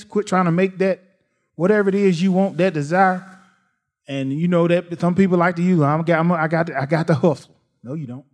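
High-voiced preacher, folksy delivery. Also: male voice. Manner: folksy, repeats phrases, rises to near shouts. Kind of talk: sermon.

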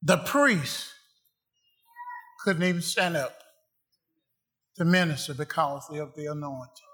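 A man's voice: fairly high pitch, slow pace, fairly bright tone. A man preaching a sermon to a congregation, emphatic and rhythmic, repeating phrases for effect.

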